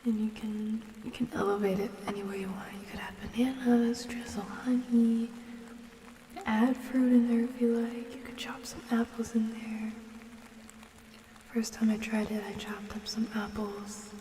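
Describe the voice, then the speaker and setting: A woman streamer hosting a cozy ASMR chat, talking to viewers softly and often in a whisper, unhurried. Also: a little high, level tone, echoey room, in a large hall, recorded from a distance, a little hiss or hum.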